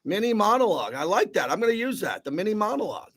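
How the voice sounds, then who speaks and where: A man's voice: high-pitched, very animated, fast talker, fairly bright tone, slightly rough. A man hosting a sports talk radio show, ranting bluntly and with heat.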